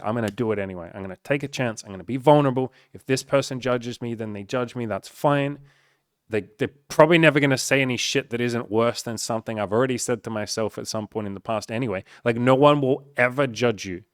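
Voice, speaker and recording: A man's voice: on the low side, no room sound, studio quality. A man talking as a dating coach in a casual confessional vlog, candid and profane, speaking straight to his viewers.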